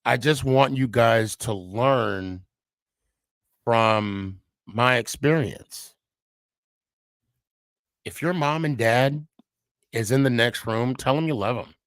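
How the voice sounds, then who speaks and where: A middle-aged man talks slowly and earnestly, his voice sitting in an ordinary middle range. He often stops and restarts, his words halting and heartfelt. The sound is dry and close, with no room around it. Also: mid-range voice, fairly bright tone, no echo. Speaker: podcast host. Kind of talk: personal reflective monologue.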